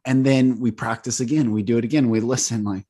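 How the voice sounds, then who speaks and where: A man's voice: mid-range voice, steady tone, fairly quick, mellow. A man hosting and coaching, talking emphatically and repeating key words as he lists them. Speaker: host, voice coach. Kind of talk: coaching conversation.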